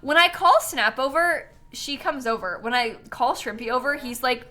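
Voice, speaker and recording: Chatty young woman streamer, bright voice. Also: high-pitched, moderate pace. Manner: chatty, laughs often, many ums and likes. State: tired, yawning. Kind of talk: casual live-stream gameplay chat.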